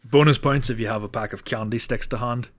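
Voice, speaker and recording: A man's voice: mid-range voice, fairly even intonation, brisk. A young man co-hosting a comedy podcast, teasing and swearing freely in casual chat. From Ireland. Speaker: podcast co-host.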